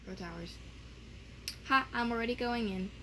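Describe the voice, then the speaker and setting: A woman's voice: fairly high pitch, normal speed, very noisy. A woman gamer chatting casually while playing, frustrated and exclaiming, with dramatic complaints. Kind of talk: casual gameplay chat.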